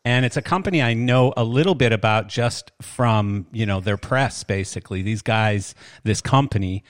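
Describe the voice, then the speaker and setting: Older guy hosting a podcast, lowish voice, rambly and joking at himself, dry sound. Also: normal speed, dry recording. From Canada. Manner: rambling, self-deprecating, chatty. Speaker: podcast host. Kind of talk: casual podcast chat.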